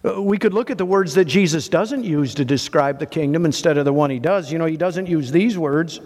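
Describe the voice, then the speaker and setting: A male pastor delivers a sermon in an animated, conversational style, asking rhetorical questions and building long lists of words. His voice is fairly high and a little fast, with a long reverb tail.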